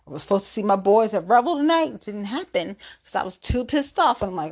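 A woman's voice: medium pitch, very animated, fast talker, hardly any pauses. A woman hosting her own podcast, a tipsy solo rant that is blunt, profane and threatening. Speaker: podcast host.

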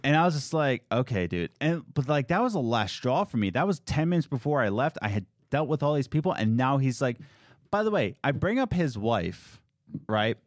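A man telling a story about a customer in a casual chat, animated and sarcastic, acting out what people said. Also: medium pitch, moderate pace, no room sound, studio quality. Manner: animated, sarcastic, quotes people in put-on voices. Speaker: restaurant worker telling a story.

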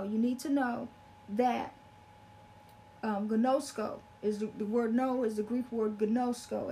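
A woman's voice: a little high, a little mellow, a little hiss or hum. A woman preaching a sermon in an earnest way, repeating phrases for emphasis with many fillers.

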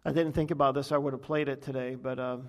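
A man's voice: medium pitch, level tone, fast talker. A man preaching a sermon as pastor, emphatic and repetitive, with occasional restarts.

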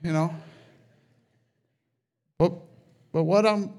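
Man, slightly high voice, earnest halting testimony with emotional peaks. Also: steady tone, darkish tone, a little hiss or hum. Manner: earnest, halting storytelling with many restarts. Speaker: Christian sharing a testimony. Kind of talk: personal testimony.

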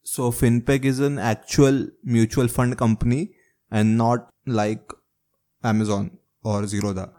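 A man's voice: medium pitch, little pitch movement, measured pace, mellow. A man hosting a casual podcast, agreeing often and asking follow-up questions. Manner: agreeable, frequent affirmations, probing questions. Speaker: podcast host.

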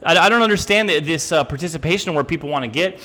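Bright-voiced man in loose podcast chat. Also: a little high, lively intonation, fast. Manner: rambling, profane, frequent restarts. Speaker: podcast co-host. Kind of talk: casual chat.

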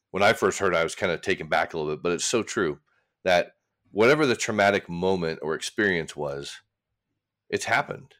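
A man's voice: deep voice, fairly bright tone. A man, a recovery coach speaking candidly in a casual conversation, rambling and acting out his own inner voices. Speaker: recovery coach, podcast guest.

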